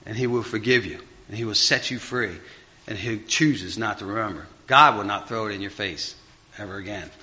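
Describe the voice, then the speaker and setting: A male preacher delivers a loose, conversational sermon full of restarts and asides. His voice is bright and forceful, and it swings from raised emphasis down to quiet murmurs. The dull, lo-fi recording softens the top end. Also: normal speed. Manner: rambling, full of fillers and restarts, big swings in pitch and volume.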